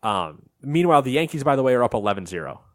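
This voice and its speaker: A man co-hosting a casual podcast chat, telling a story in an animated way and acting out what people said. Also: mid-range voice, fast, no echo, studio quality. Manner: animated storytelling, acts out quotes. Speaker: podcast co-host.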